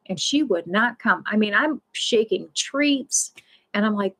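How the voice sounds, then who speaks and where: A woman hosting a live stream, telling a casual story in a rambling, animated way full of fillers. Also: on the high side, normal speed. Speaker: livestream host.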